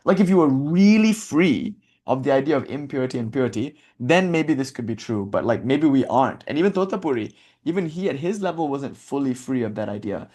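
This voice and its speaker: A man gives a reflective spiritual talk at an ordinary mid-range pitch. He speaks conversationally and thinks aloud, often questioning his own points. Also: expressive, a little fast, hardly any pauses, darkish tone. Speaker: spiritual teacher.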